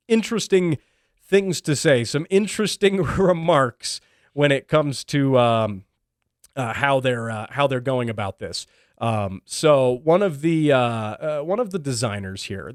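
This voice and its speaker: Lively wry male podcast host. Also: on the high side, no room sound, clean studio sound. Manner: chatty and wry, many ums and restarts. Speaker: radio show and podcast host. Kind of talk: casual solo podcast commentary.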